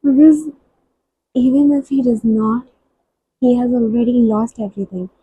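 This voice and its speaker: A woman book vlogger giving soft, halting and emotional reactions while reading. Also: on the high side, breathy edge, highs cut off.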